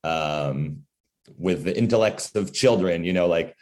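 Man, very low voice, casual guest talk, loose and profane, lots of "like". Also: measured pace, darkish tone. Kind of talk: casual conversation.

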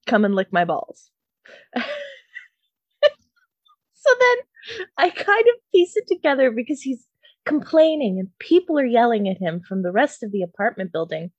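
A young woman from Canada spins a comedic story in a fairly high voice, animated and laughing often, with plenty of swearing. The sound is close and dry, with no room echo. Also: moderate pace, long pauses, highs cut off.

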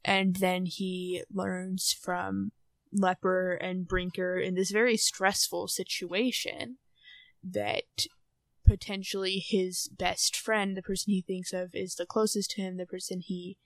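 A young woman co-hosting a podcast sums up a novel casually, rambling and using lots of fillers in a relaxed book discussion. Her voice is fairly low and level, she speaks slowly, and the recording is dry.

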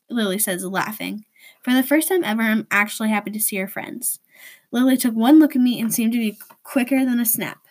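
A woman's voice: on the high side, a little fast, darkish tone. A woman reading a first-person story aloud, with an inward, hesitant manner.

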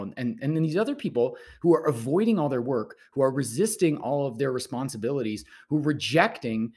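A man's voice: medium pitch, lively intonation, a little fast, few pauses, a little mellow, breathy edge. A man, a teacher who hosts a podcast, giving casual rambling advice to students and often repeating his words.

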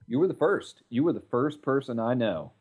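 A man's voice: mid-range voice, lively intonation, normal speed, darkish tone, husky. A man co-hosts a casual football podcast, his voice rising and falling a lot. He throws in sarcastic jokes as he talks. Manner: joking, sarcastic banter. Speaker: podcast co-host. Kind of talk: casual sports chat.

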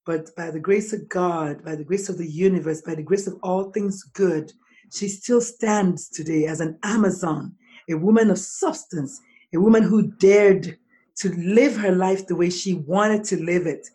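A woman's voice: lowish voice, unhurried, warm tone. A woman hosting her own podcast, a pediatrician who talks with emphatic repetitions and lots of expression.

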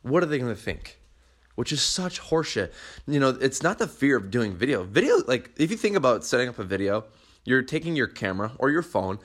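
A man's voice: mid-range voice, fairly bright tone. A young man hosting a podcast, talking bluntly and animatedly, swearing freely as he gives motivational advice. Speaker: podcast host.

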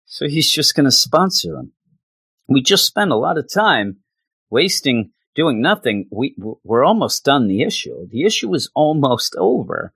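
A podcast host recaps a comic casually, sounding sarcastic and exasperated and stammering through restarts. His mid-range voice is very animated at normal speed, fairly bright and slightly rough, with vocal fry and no echo.

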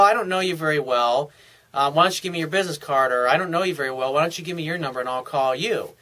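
A man with a bright, forward voice sitting a little high for a man, holding forth on dating in a loose, rambling monologue. He talks with swagger and casual profanity, circling back over his own stories. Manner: cocky, anecdotal, profane. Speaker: dating coach.

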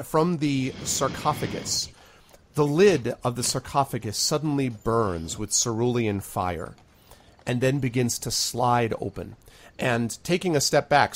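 A man running a tabletop game on a stream, narrating scenes with plenty of fillers and restarts. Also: medium pitch. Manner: rambling, filler-heavy narration. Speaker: game master.

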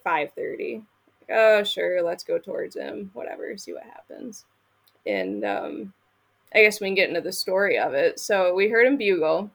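A woman's voice: medium pitch, creaky, a bit bright. A woman from Michigan, a podcast guest, telling a story in a casual, blunt and profane way, acting out what people said. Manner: blunt and profane, acts out quoted lines.

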